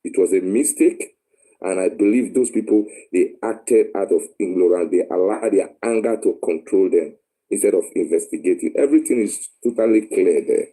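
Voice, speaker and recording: A Nigerian man from Edo State speaking as a caller in a live online discussion. He makes a measured, earnest appeal and pauses often with fillers. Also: deep voice, warm tone, poor audio.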